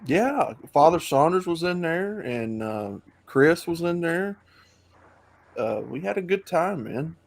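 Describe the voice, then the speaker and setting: A man's voice: a little high, big pitch swings, takes it slowly, gravelly. A man hosting an online talk stream, chatting casually in a loose, rambling way with many fillers. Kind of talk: casual chat.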